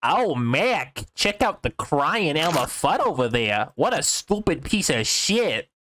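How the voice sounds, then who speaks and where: A man's voice: a little high, big pitch swings, slow pace, a bit bright, full character voice. A man voicing a cocky, wisecracking male cartoon rabbit on a podcast, calling people Doc and Mac. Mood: mocking. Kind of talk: comic impression on a casual podcast.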